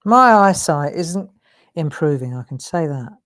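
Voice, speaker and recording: A woman's voice: low voice, expressive, measured pace. A woman hosting a live craft tutorial, chatting in a self-deprecating way while she colours in.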